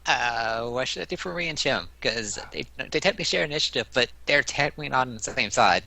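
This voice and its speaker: A man playing a tabletop game, excitable and quick to swear. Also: medium pitch, gravelly. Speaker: player.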